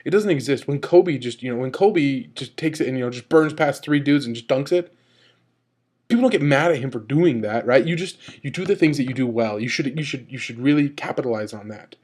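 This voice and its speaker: A man's voice: brisk, darkish tone. Rambling man ranting to camera. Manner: rambling, heavy use of "like" and "you know"; gets worked up, pitch jumping up when annoyed. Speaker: video blogger. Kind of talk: casual unscripted rant to camera.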